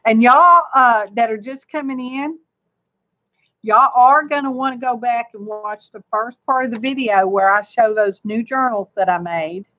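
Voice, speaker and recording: Slow-talking woman crafting live. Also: on the high side, pushed and bright, no echo. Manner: homey, rambling, talks to herself and viewers while working. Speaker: crafting channel host. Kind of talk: live-streamed craft demonstration, chatty.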